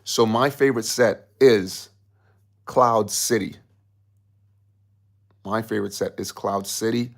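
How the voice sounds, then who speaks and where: A man's voice: on the low side, takes it slowly, vocal fry, pauses often. A man hosting a casual livestream, rambling and chatty as he reads out viewer comments. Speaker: livestream host.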